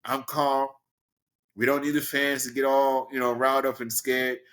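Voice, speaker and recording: As an interview guest, a Brooklyn-born pro wrestler recounts a story at normal speed in a relaxed, chatty tone. His pitch is usually middle-of-the-road, though he animatedly voices the people in his tale with abrupt jumps upward.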